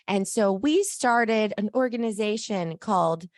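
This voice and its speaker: A woman's voice: medium pitch, unhurried, dry recording, studio quality, close to an everyday voice. A woman voicing Gruntled, a cheerful new dwarf, in an upbeat put-on happy voice.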